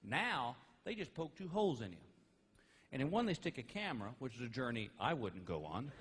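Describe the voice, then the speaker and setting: A middle-aged man doing stand-up comedy, animated, shouting his punchlines and laughing through his lines. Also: medium pitch, brisk, slightly rough, in a large hall.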